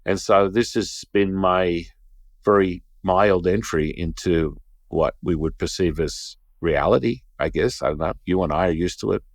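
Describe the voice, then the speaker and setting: A middle-aged man with a low voice, recorded close and dry, tells a long story in an animated way. He breaks into the voices of the people he quotes as he goes. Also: normal speed, no room sound. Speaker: Taoist teacher, interview guest. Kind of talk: casual storytelling.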